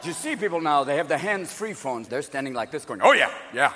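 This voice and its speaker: A man performing a stand-up comedy set, manic and rapid-fire, often shouting. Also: on the high side, big pitch swings. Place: large live venue. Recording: live concert hall with audience. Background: audience noise.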